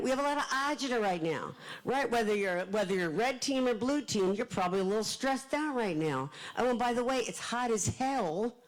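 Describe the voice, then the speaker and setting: An older woman from Philadelphia with a Philadelphia accent, an author giving a fast, chatty, joking live talk at a library event. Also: mid-range voice, rough recording. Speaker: author speaking to an audience.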